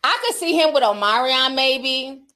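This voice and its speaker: Woman livestream host, fairly high voice, candid, slangy, laughs a lot. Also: expressive, normal speed, bright, forceful tone. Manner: chatty and candid, laughs often, slangy asides. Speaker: livestream host reading super chats. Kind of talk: casual livestream chat.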